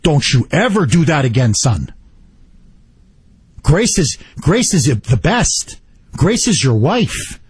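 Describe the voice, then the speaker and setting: A man's voice: a little high, very animated, takes it slowly, pauses often, husky, no room sound, full character voice. A man voicing his stern older father, who lectures him.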